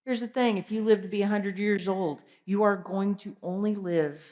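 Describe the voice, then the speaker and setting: Woman, motivational keynote speaker, energetic, direct questions to the crowd, long reverb of a big hall. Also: mid-range voice, moderate pace, muffled recording. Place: large conference hall.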